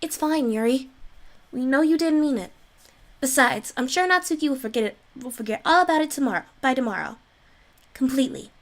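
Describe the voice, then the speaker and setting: A woman voicing a composed teenage club president from a visual novel, speaking calmly and matter-of-factly. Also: high voice, brisk, pitched above the performer's own voice. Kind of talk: reading visual novel dialogue aloud.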